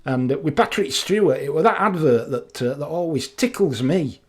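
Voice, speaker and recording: A man's voice: on the high side, lively intonation, normal speed, husky. Yorkshire man chatting with a grin. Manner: chatty, self-mocking, laughs at own jokes. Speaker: motorcycle vlogger. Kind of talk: casual humorous monologue.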